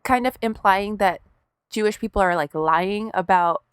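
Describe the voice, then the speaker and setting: A woman co-hosting a podcast, telling stories in a casual, profane, animated way. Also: medium pitch, normal speed, clear, resonant tone, no echo, studio quality. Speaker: podcast co-host. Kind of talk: casual chat.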